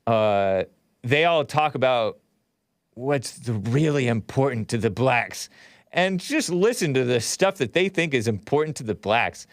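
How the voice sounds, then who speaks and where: A man's voice: mid-range voice, animated, unhurried, no room sound, clean studio sound. A man hosting a livestream show, talking casually and rambling, often spelling names out letter by letter. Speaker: show host.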